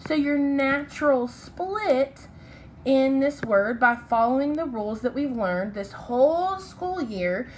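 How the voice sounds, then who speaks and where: Taking it slowly, a woman with a high, expressive voice leads a recorded phonics lesson for kids step by step. She keeps asking "okay?" and "right?" with patience and apologizes when she catches her errors, on low-quality audio with some hiss or hum.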